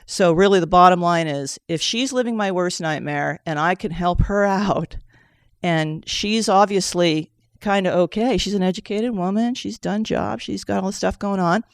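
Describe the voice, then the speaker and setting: Animated woman telling an emotional story. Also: fairly low pitch, moderate pace, no echo, clean studio sound. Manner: animated, jumps into quoting herself and others; tears up while telling it. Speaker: session participant sharing a story.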